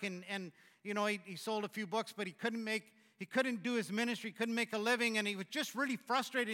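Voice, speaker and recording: A pastor delivers a sermon in a conversational manner, restarting his phrases haltingly and swinging between loud and hushed. He has a high voice, and the sound carries a long reverb tail.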